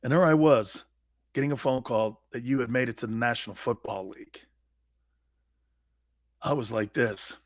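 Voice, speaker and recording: A man's voice: medium pitch, normal speed, pauses often, dry recording, clean studio sound. A man in his fifties, a sports talk host and former pro player, telling personal stories in a blunt, emphatic way with salty slang. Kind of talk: animated personal storytelling.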